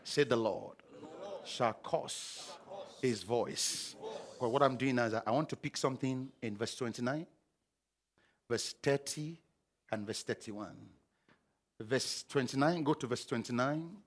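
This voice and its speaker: A middle-aged man preaching a sermon, animated and humorous, acting out scenes with sound effects. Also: mid-range voice, measured pace, pauses often. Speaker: pastor.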